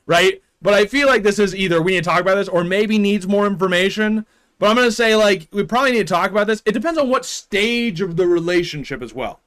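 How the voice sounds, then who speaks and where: A man's voice: sits high, fast talker, fairly bright tone. A man streaming live, talking casually in an opinionated, rambling way and laughing often.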